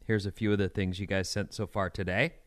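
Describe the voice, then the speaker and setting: Man, radio co-host, deadpan, teasing, dry close sound. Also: low voice, fast talker, dry recording. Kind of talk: casual radio banter.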